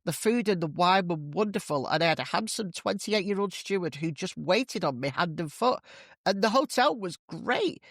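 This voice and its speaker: A man's voice: sits high, animated, moderate pace, a bit bright, dry recording, clean studio sound, voice pushed up. A man voicing a cheerful woman who boasts about her trip in a told joke. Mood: gushing.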